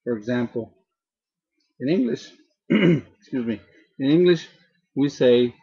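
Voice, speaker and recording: A man teaches a grammar lesson at a very unhurried pace, saying each word twice so students can copy it. His voice is slightly husky. The sound is dull and lo-fi, like a built-in webcam mic. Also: medium pitch, lively intonation. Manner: slow, repeats each word to drill pronunciation. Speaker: language teacher. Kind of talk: slow spoken grammar lesson.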